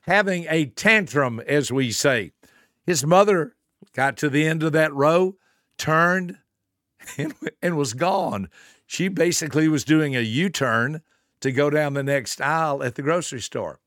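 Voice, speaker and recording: Lively, good-humored older man telling stories. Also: a little high, no room sound, clean studio sound. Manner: animated storyteller who laughs at his own stories and spells out acronyms slowly. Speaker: podcast host and speaker. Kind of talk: motivational talk with storytelling.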